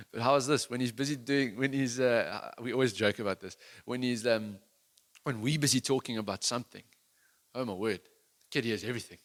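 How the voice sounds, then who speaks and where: A man's voice: mid-range voice, moderate pace. A man preaching a sermon as pastor, talking in a conversational, earnest way that rises into emphatic bursts.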